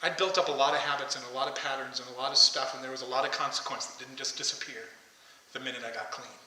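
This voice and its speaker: A man preaching a sermon as pastor, impassioned, rising to loud calls as he tells the story. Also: medium pitch, steady tone, fast talker, far from the mic, noisy background. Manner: impassioned, shouting the calls to come out. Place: church sanctuary. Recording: echoey church hall.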